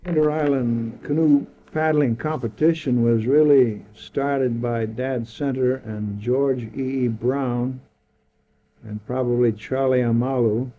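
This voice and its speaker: An older man recounting past events in a measured, hesitant way. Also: mid-range voice, slight background noise. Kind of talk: oral history recollection. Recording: tinny phone-like recording.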